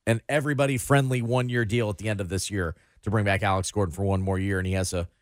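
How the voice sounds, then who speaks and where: A man's voice: lowish voice, steady tone, fast talker, dry recording, clean studio sound. Hesitant man co-hosting sports radio. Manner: hesitant, restarts often.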